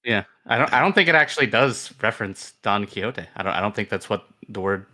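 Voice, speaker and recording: Fast, bright-voiced male podcast guest. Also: fairly low pitch, lively intonation, no echo, studio quality. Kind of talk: casual podcast chat.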